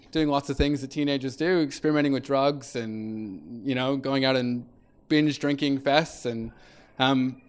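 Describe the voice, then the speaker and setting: A man's voice: on the high side, clean tone. A man giving a personal testimony in a conversational way, with many fillers and quoted lines acted out. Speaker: speaker sharing his faith story.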